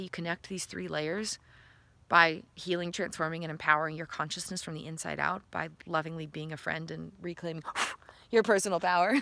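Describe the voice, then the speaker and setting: A woman's voice: lowish voice, sharp tone, dry recording. A woman giving an enthusiastic, playful motivational talk to camera as a self-help vlogger. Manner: enthusiastic, breathy and playful, laughing often.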